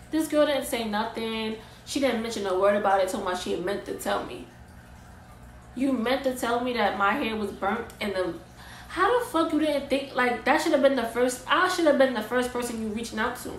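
A young woman telling a heated, profane storytime rant about a ruined wig, vlog style. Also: a little high. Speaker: vlogger and wig maker. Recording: echoey room, faint ambient noise.

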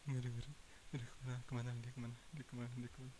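A man's voice: mid-range voice, monotone, rapid-fire, background noise. A man with an Indonesian accent playing a horror game, jumpy and nervous, repeating himself in panic and laughing it off. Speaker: gaming YouTuber. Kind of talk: horror game let's-play.

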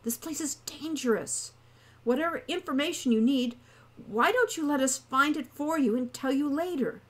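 A woman voicing a gentle, earnest young sibling who urges others to leave. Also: high-pitched, normal speed, pitched above the performer's own voice, natural voice. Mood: tense. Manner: gentle, urgent.

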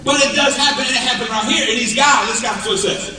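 A man preaching a sermon, telling the story with animated emphasis and building to emphatic peaks. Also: very high-pitched, fast, distant mic, a little hiss or hum. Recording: echoey hall, mic from afar.

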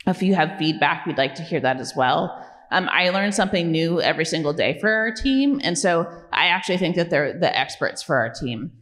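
A woman's voice: on the low side, a bit bright. A woman directing a program, giving an informal, conversational presentation at a community meeting, with frequent ums and tag questions. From California. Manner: conversational, many fillers like "um" and "right?". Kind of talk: informal presentation to a public audience. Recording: long reverb of a meeting hall.

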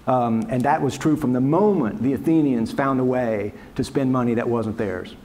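A man's voice: mid-range voice, moderate pace, darkish tone. A man, a historian, answering audience questions after a lecture in a conversational, wry way, with frequent restarts and asides. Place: lecture hall.

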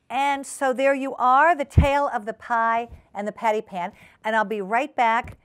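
A woman hosting a community TV show, reading a children's story aloud in a gentle, unhurried way in a studio. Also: fairly high pitch, steady tone, clean tone. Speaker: storyteller host.

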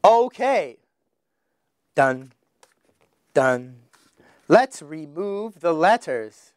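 A man teaching children their letters, slowly sounding out each one with exaggerated emphasis. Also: on the high side, big pitch swings, no echo, clean studio sound. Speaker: English teacher. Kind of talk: children's phonics lesson.

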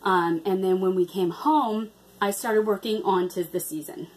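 A woman's voice: mid-range voice, moderate pace, darkish tone. A woman chatting casually in a craft vlog, hesitant with many ums and restarts. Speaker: cross-stitch vlogger.

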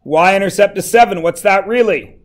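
A man's voice: high-pitched, normal speed. A man teaching math to a class, working through equations and teasing his students as he goes.

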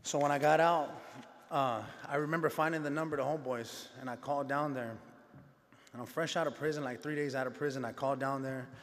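A man's voice: mid-range voice, steady tone, brisk, big-room sound. A man giving a personal testimony speech to an audience, telling his story in a conversational way with street slang and acting out the dialogue. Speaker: speaker sharing his life story at a gala.

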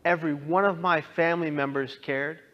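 A young man earnestly telling his own story as a talk, moving from quiet to impassioned. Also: fairly high pitch, steady tone, normal speed, dull audio. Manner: earnest, swings from hushed to impassioned. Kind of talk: personal testimony talk.

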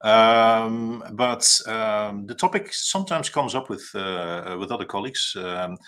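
A Dutch man in his thirties talks as an interview guest over a video call. His voice sits a little low but has a bright edge. He speaks haltingly, full of fillers and restarts. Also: clean tone. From Netherlands. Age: 30s. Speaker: guest, cargo pilot. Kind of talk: casual interview talk.

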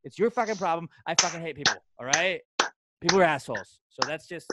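A young man co-hosting a podcast, ranting loudly and angrily with lots of swearing. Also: a little high, lively intonation, fast talker, slight background noise. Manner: profane, loud, angry ranting. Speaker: podcast co-host. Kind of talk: heated rant on a podcast.

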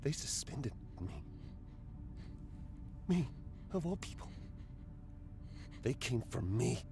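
A bitter, desperate scientist villain in a game, his gravelly voice rising and falling widely. He swings between quiet menace and sudden intensity. Music plays under the game audio. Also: medium pitch, big pitch swings, slow pace, heavily acted.

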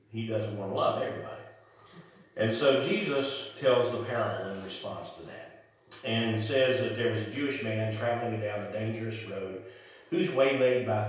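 A man preaching a sermon as pastor, reading scripture and telling stories in a conversational way. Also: fairly low pitch. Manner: storytelling, conversational. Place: church sanctuary. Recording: echoey church, mic from far off.

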